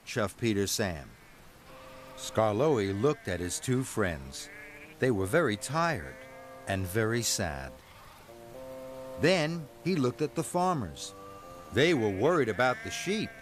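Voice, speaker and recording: A man narrates a children's story at a slow, unhurried pace. His pitch rises and falls in a lively, sing-song way as he reads. Music plays clearly behind him.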